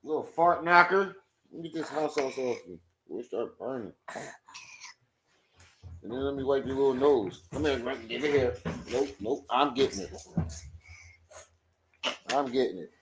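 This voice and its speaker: Young male streamer, mid-pitched, loud, cursing, scolding. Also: expressive, normal speed, long pauses, roomy sound, slight background noise. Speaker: online show host. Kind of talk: casual livestream chat.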